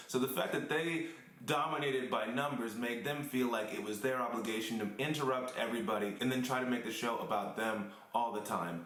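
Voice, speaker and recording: A man's voice: mid-range voice, a bit bright, reverberant, rough recording. Blunt man narrating a story. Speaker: stand-up comedian and show host. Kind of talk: recorded voice-over commentary.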